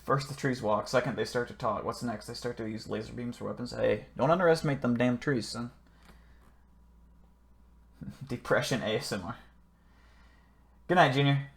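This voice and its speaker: A man's voice: mid-range voice, fast talker, vocal fry, hardly any pauses. A man hosting a live stream, chatting casually with viewers in a rambling, profane, joking way. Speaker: livestream host.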